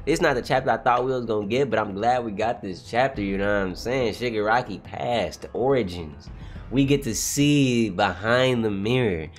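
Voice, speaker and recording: A young man streaming a live read-along reaction, swearing freely and swinging from low mutters to high shouted outbursts. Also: normal speed. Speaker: streamer reacting to a manga chapter.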